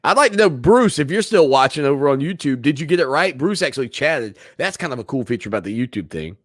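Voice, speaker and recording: A man's voice: medium pitch, big pitch swings, fast, dry recording, clean studio sound. A man hosting a sports talk show in a casual, playful way, joking with viewers. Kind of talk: casual chat.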